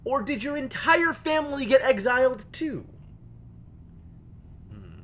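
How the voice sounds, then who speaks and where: A woman streamer giving chatty, excitable, self-mocking commentary on a game. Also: sits high, unhurried. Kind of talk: let's play commentary. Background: game music.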